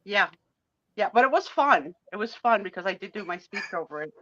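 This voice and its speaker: Bright, animated woman hosting a live chat. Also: mid-range voice, a little fast, slight background noise. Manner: animated storyteller. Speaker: host. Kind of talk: casual live-stream chat. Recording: dull, dry sound.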